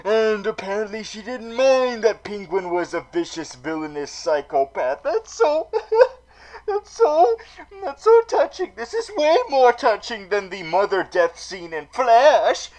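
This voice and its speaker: A melodramatic super villain vlogger, played by a man, hosting a comedic recap show. He stammers and repeats words in a high voice, swinging between gushing and grumbling. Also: expressive, measured pace, hardly any pauses, low-quality recording. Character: theatrical male super villain vlogger, dramatic. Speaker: vlog host. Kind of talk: comedic in-character recap vlog.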